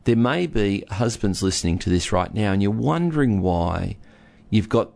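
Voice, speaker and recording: Speaking at normal speed, a relationship counsellor with a lowish, gravelly, somewhat mellow voice sounds expressive. He teaches about listening in a casual chat with a co-host, telling an everyday story and acting out the husband and the wife.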